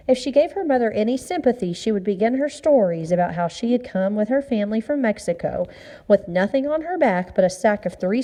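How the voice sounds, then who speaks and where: A woman calmly narrating a short story. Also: mid-range voice. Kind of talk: storybook reading.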